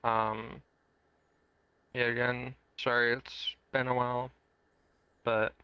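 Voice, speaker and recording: A man hosting a podcast, talking in a relaxed, joking way that rambles a little. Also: mid-range voice, takes it slowly, pauses often, clean tone, dry recording, highs cut off. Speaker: podcast host. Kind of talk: casual podcast chat.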